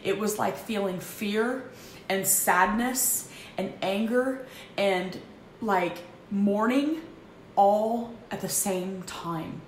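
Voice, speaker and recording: A woman in her thirties candidly confessing her struggles in a halting, emotional vlog, with frequent restarts. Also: medium pitch. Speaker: vlogger. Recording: echoey room with faint background noise.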